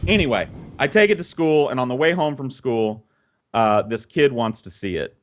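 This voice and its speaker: A man spins a childhood tale in loose, chatty fashion, cursing freely as he goes. His voice sits at a middle pitch for a man, and he animates the story with shifting energy. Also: moderate pace. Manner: profane, conversational, animated. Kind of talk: casual storytelling.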